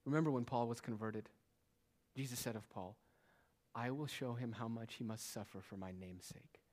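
A male pastor preaching a sermon in a church, swinging between quiet, hushed lines and raised, emphatic ones. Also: mid-range voice, moderate pace.

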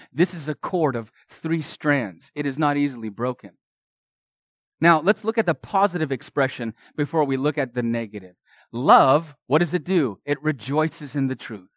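Male pastor preaching a sermon, bit high-pitched, earnest, gets loud then quiet, dry sound. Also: no echo, dull audio. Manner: earnest preaching that swells for emphasis and drops soft. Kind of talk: expository sermon.

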